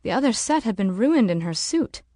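A woman narrating an audiobook in a steady, measured way. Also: fairly high pitch, no echo, studio quality.

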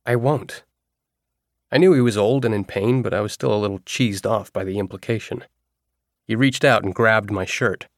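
A man reading a novel aloud as a first-person narrator, in a steady storytelling manner. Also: fairly low pitch, brisk, no echo, studio quality. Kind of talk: audiobook narration.

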